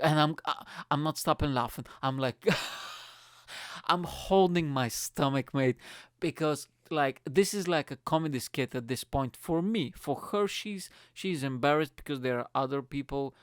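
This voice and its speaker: A man, a comedian telling a crude, animated story in casual chat, swearing often and laughing as he talks. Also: mid-range voice, moderate pace, smooth, no room sound, studio quality. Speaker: comedian host.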